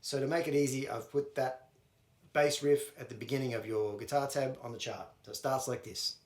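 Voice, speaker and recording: An Australian man with a steady, mid-range voice walks through a guitar song step by step at a fairly quick pace. He counts and sings the strum rhythms aloud while playing, and the recording sounds roomy, with loud guitar.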